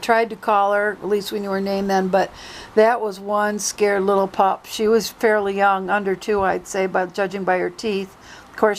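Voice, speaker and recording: A woman's voice: mid-range voice, a little hiss or hum, rough recording. A woman vlogger telling a story casually and retelling quoted dialogue in her own talk.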